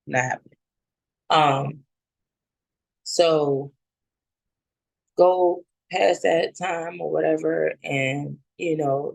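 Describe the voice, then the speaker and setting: Gravelly-voiced woman telling a blunt personal story. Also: deep voice, no room sound, poor audio. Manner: candid, blunt, swears freely; relives scenes by acting out both sides. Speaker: guest sharing her story. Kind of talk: personal testimony in casual talk.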